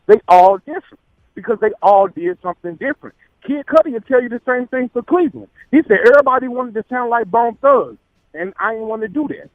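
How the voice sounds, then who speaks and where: Male caller with a St. Louis accent: high voice, earnest and emphatic, on a dull, muffled line. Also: expressive, brisk, no room sound. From St. Louis, US Midwest. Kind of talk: call-in opinion.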